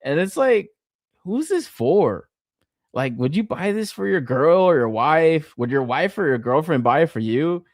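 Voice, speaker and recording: Host, young guy, lively swearing rant, dry close mic. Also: fairly high pitch, a little slow, dry recording. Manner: profane, animated ranting with frequent laughs. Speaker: podcast host. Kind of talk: casual ranting podcast talk.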